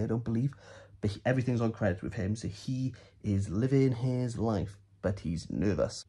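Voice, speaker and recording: A man's voice: medium pitch, mellow. A man giving a comic, rambling book recap as a vlogger. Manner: rambling, playful, silly asides.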